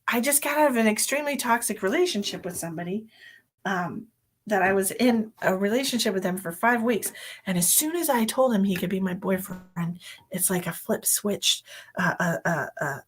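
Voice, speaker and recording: A woman hosting a live psychic reading stream, chatting casually in an excitable way, with laughs and whispered asides. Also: on the high side. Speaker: psychic medium host. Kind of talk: casual livestream chat.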